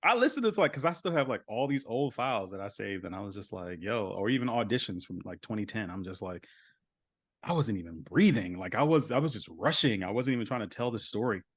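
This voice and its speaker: A man's voice: fairly low pitch, lively intonation, fast talker, few pauses, fairly bright tone, dry recording, clean studio sound. A man in his thirties, a voice actor guest on a podcast, talking casually and rambling with lots of "like" and "you know.".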